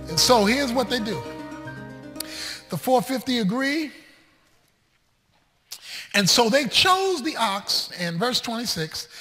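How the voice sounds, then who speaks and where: A man preaching a sermon as pastor, animated, often shouting and joking. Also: very high voice, big-room sound.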